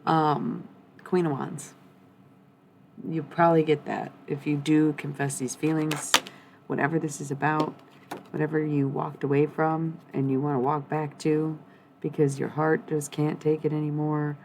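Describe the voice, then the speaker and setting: A woman's voice: deep voice, level tone, unhurried, vocal fry, background noise. A young woman giving a blunt, profane, rambling tarot reading on a live stream.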